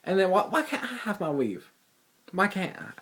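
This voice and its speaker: A man's voice: high voice, normal speed. A teenage boy telling a story as a casual rant, exasperated and profane. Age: teens. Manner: exasperated, profane, lively retelling. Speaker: vlogger, high school student.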